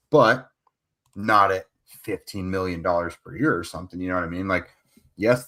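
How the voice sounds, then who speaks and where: A man co-hosting a sports podcast, giving relaxed analysis in casual chat. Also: sits low. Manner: relaxed, analytical, uses "like" often. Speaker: podcast co-host.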